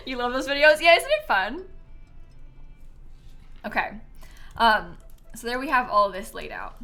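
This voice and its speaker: Female streamer, bright giggly chatter over soft background music. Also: on the high side, big pitch swings, unhurried, long pauses. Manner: chatty and giggly, answers chat. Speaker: streamer building in a life-sim game. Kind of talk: casual live-stream chat.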